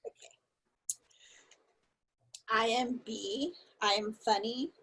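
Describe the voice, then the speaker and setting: A woman's voice: a little high, slow pace, fairly bright tone, breathy edge, rough recording. A woman on a video call, reading her affirmation aloud in a playful, joking way. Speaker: workshop participant.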